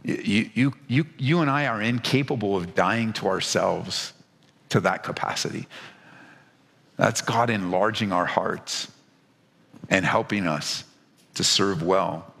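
A man's voice: unhurried, vocal fry, long pauses, fairly bright tone, breathy edge. A male pastor preaching, reading scripture and then applying it with passionate, rising emphasis and repeated words. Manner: impassioned, rising pitch in emphatic stretches; repeats words when stressing a point. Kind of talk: sermon. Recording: long hall reverb.

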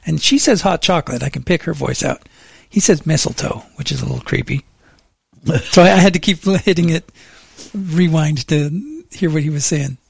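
A middle-aged man on morning radio chats wryly with his co-host, then turns steady to read traffic and weather from a studio mic. His voice is a little high, creaky, and slightly rough at a normal speed, in a dry recording.

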